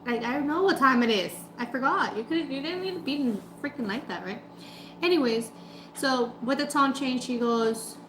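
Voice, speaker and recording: A woman's voice: high-pitched, normal speed, slight background noise. Chatty woman telling a story in a roomy space. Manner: chatty, animated retelling with quoted voices. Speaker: food vlogger. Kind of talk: casual storytelling while eating.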